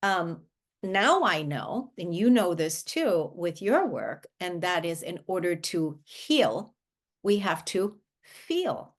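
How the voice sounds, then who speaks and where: A woman's voice: lowish voice, very animated, slow. A woman guest, a life coach, speaking earnestly in a conversational interview, often restarting her sentences. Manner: earnest, with frequent restarts and filler words.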